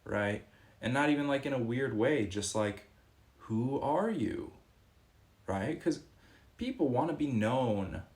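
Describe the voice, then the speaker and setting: Earnest rambling young man. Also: unhurried. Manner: rambling, earnest, acts out quoted exchanges in a higher voice. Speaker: fitness vlogger. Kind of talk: casual reflective monologue.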